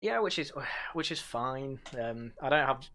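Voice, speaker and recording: A man's voice: medium pitch, lively intonation, unhurried, sharp tone. A man hosting a casual review stream, talking sarcastically with lots of fillers and sighs. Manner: sarcastic, frequent fillers and sighs, mocks by quoting. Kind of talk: casual sardonic review chat.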